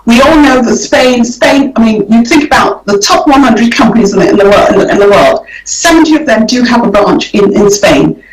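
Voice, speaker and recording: A woman's voice: on the high side, animated, a little fast, few pauses, distant mic. A woman guest on a radio show, explaining property investment in an easygoing way and often repeating words while she thinks. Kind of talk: radio interview. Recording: roomy sound from off the mic.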